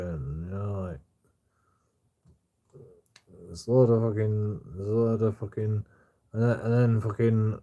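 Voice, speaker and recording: A man's voice: on the low side, steady tone, a little slow, pauses often, mellow, muffled recording. A man, a streamer, rants casually in a rambling, repetitive way and swears constantly. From England.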